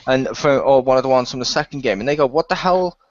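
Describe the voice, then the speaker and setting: A man hosting a gaming podcast in casual chat, telling a long story in a rambling, animated way with frequent laughs. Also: medium pitch, quick pace. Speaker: podcast host. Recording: muffled lo-fi dry recording.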